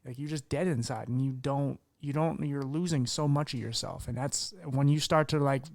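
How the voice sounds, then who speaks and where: A man's voice: medium pitch, fairly even intonation, normal speed, darkish tone, dry recording. A man hosting a podcast interview, talking candidly in a rambling way with many restarts. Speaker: podcast host. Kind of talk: casual conversational interview.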